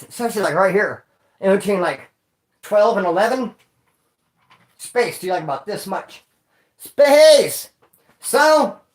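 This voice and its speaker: A man hosting a livestream, telling stories in casual slang, rambling and repeating himself. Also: high voice. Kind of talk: casual storytelling. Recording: roomy echo.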